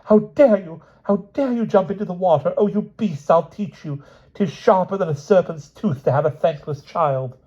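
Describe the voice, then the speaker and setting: A man's voice: very high-pitched, lively intonation, unhurried, warm tone, highs cut off, pitched above the performer's own voice, heavily acted. A man shrieking as a melodramatic witch queen. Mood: shrieking fury. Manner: shrieking, theatrical, wailing.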